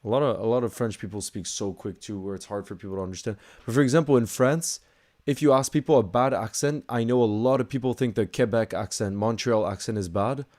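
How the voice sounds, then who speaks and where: A man's voice: fairly low pitch, fairly quick, hardly any pauses, darkish tone. Chatty Northern Irish man streaming. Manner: chatty, greets chat viewers and answers their questions. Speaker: streamer watching a match live. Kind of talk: live match watchalong chat.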